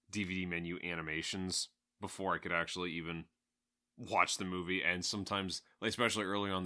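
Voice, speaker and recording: A man's voice: low voice, bright, forceful tone. A young man co-hosting a podcast, casual chat with a dry, wry, opinionated manner. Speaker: podcast co-host.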